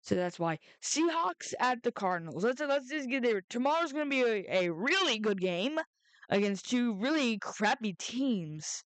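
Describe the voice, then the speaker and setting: A woman rambling through her weekly football picks, halting and restarting often, getting excitable when something outrages her. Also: on the high side, no echo. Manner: rambling, halting, frequent restarts and self-corrections. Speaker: sports prediction vlogger. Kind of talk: casual rambling commentary.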